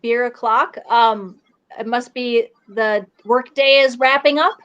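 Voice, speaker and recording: A woman's voice: fairly high pitch, slow, a bit bright, clean tone, muffled recording. A woman guest on a podcast who answers a slang quiz with hesitant guesses and frequent ums. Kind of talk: casual interview game.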